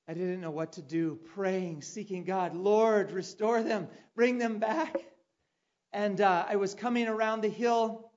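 A man preaching a sermon, telling a personal story with dramatic turns and loud calls. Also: high voice, muffled recording. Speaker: pastor.

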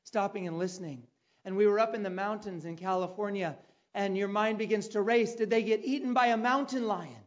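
A man preaching a sermon, telling a personal story with dramatic turns and loud calls. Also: sits high, a little fast, muffled recording. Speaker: pastor.

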